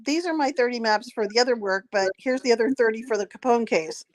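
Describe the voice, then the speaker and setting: A woman with a slightly high voice recounts an anecdote as an interview guest, chatty and animated. She acts out the other people's lines as she goes. Her story is broken up by frequent throat clearing. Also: a little fast. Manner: lively retelling, acting out quoted dialogue. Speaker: psychic guest.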